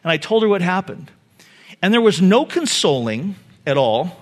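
A middle-aged pastor giving a sermon, telling a family story in a loose, conversational way with fillers and laughs. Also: male voice, high-pitched, lively intonation, moderate pace. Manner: conversational, many fillers, laughs at own stories.

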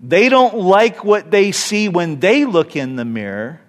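A middle-aged man preaching a sermon as a pastor, earnest and animated, who acts out the voices he quotes. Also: high-pitched, a little slow.

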